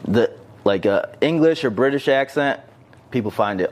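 A man's voice: medium pitch, lively intonation, normal speed, a little mellow. A man chatting casually as a podcast host. He rambles and swears, leaning on "like" and "you know what I mean.". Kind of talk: casual chat.

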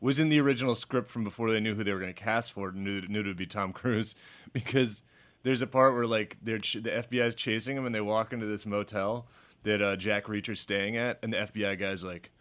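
A man co-hosting a podcast in casual chat, animated, laughing often and filling his talk with "like". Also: lowish voice, fast. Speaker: podcast co-host.

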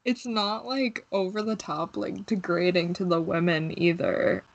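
A woman's voice: fairly low pitch, unhurried, creaky, lo-fi sound. Young woman chatting casually on a podcast. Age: young adult. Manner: relaxed, chatty, filler-heavy. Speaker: podcast co-host.

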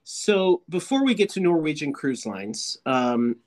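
A man's voice: fairly high pitch, big pitch swings, unhurried, darkish tone. A man co-hosting a casual podcast interview, asking guiding questions. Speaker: podcast co-host.

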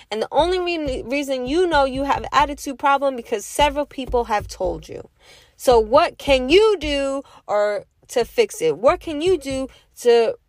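A woman's voice: high voice, no room sound. A woman giving a casual, emphatic monologue, firing off rhetorical questions and now and then cursing. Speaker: vlogger giving opinions.

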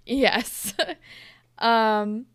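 A woman's voice: fairly high pitch, drawn-out words, clean tone, dry recording, clean studio sound. A young woman co-hosting a casual podcast, recapping a TV episode in a candid, chatty way and swearing freely. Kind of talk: casual chat.

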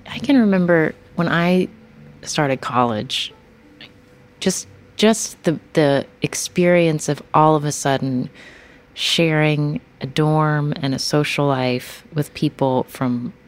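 A woman hosting a podcast, narrating between clips and asking measured, curious questions. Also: low voice. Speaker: podcast host, interviewer. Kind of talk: interview and scripted narration.

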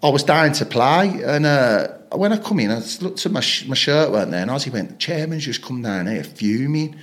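Man, podcast guest, rambling footballer stories, mid pitch. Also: lively intonation, normal speed. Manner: rambling anecdotes, frequent swearing, acts out quoted lines. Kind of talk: casual storytelling interview.

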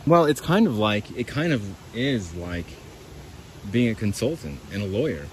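Man with a lowish voice, podcast host rambling solo outdoors, swears freely, self-mocking, faint outdoor noise behind him. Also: animated, normal speed, poor audio. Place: outdoors by a creek.

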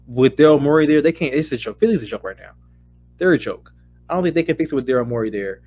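A man co-hosting a casual sports podcast, heated and profane, his voice climbing into loud rants. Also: mid-range voice, animated, fast talker. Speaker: podcast co-host.

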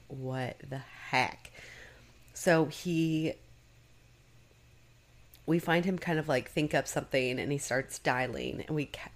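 Woman co-host, low voice, chatty recap with lots of "like". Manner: chatty, many fillers, acts out quotes. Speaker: podcast co-host. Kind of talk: casual recap chat.

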